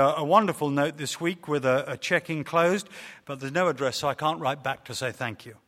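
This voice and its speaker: A man's voice: a little high, sharp tone. A man preaching a sermon, earnest and storytelling, with hesitant fillers in a reverberant church hall. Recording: long reverb of a large hall.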